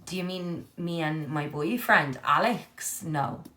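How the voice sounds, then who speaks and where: A deep, pushed, bright voice belongs to a young woman casually livestreaming from her living room. She picks up viewer comments, answers them, and stays frank and quick to swear throughout.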